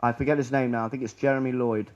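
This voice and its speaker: A man giving a public presentation in a lecture room, rambling and sardonic, often trailing off quietly. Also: mid-range voice, little pitch movement, rapid-fire, highs cut off.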